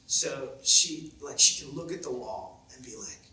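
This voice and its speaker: Male pastor, casual storytelling preacher, bright forceful tone, cavernous church echo, picked up from a distance. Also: medium pitch, expressive, measured pace. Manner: conversational, frequent filler "like". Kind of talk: sermon with personal storytelling. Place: church auditorium. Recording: very echoey church hall, mic at a distance.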